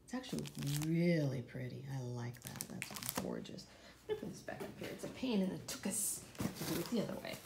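Woman from California, home unboxing vlogger, animated pitch, chatty and effusive with frequent soft asides. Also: a little fast, creaky, background noise. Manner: chatty and gushing, often dropping to a soft whisper. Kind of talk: casual unboxing vlog.

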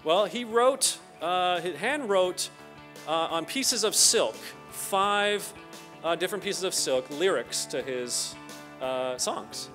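With faint music behind him, a keynote speaker at a conference tells stories slowly in a voice that sits high. This middle-aged Canadian man is animated and performs the quoted voices of the people he describes.

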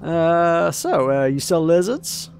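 A man's voice: on the high side, animated, takes it slowly, vocal fry, darkish tone, faint music behind. A man hosting a let's play, giving casual, rambling commentary with many hesitations. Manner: rambling, hesitant, laughs at the game.

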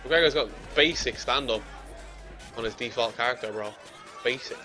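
At medium pitch and normal speed, a young man gives casual commentary on a game he's playing himself. He swears, trash-talks the opponent, and yells as soon as he starts losing. Music and a crowd are audible in the background.

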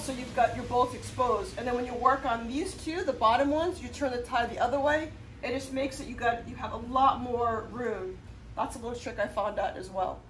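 Woman, higher-pitched, chatty how-to host, cheerful, faint noise in the background. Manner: upbeat and chatty, cheering when parts fit. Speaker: host of a motorcycle how-to channel. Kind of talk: casual how-to instruction.

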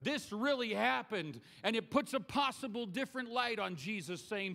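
Guy pastor preaching, pretty high voice, bright, jokey and conversational. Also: expressive, normal speed, gravelly. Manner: conversational and humorous, acting out scripture scenes. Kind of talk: sermon.

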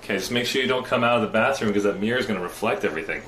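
A man's voice: on the low side, racing, fairly bright tone, a little hiss or hum. A young man chatting casually to his live-stream viewers while moving around a house, reading out new followers and subscribers. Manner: chatty, talks to chat, reads out follows and subs. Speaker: IRL livestreamer. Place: indoors in a house, kitchen and bathroom.

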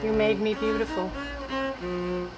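An older actress playing a faded star who talks to herself in a brooding, pleading film monologue. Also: female voice, mid-range voice, flat delivery, measured pace, natural voice, poor audio. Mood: desperate. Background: cello music.

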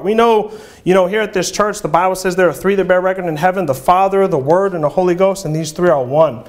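A man preaching an earnest, halting sermon in a church, with frequent fillers and restarts. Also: high voice. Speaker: lay preacher.

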